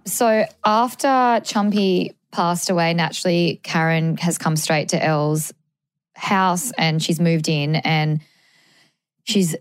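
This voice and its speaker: A woman's voice: on the low side, slow pace, clear, resonant tone, no echo. A young Australian woman co-hosting a podcast, talking casually and filling her speech with "like". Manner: chatty, many "like" fillers. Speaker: podcast co-host.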